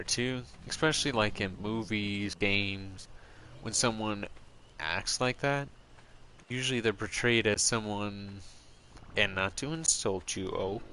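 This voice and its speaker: Slow, low-voiced man chatting on stream. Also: a bit bright, slight background noise. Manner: rambling, opinionated, full of fillers. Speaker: streamer answering chat. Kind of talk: casual livestream chat.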